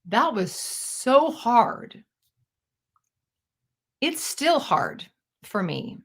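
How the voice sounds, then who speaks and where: A woman in her fifties from Canada, a storyteller and stage performer, speaks in a slightly high voice with big pitch swings and drawn-out words. Her personal monologue is reflective, earnest and searching, full of self-questioning.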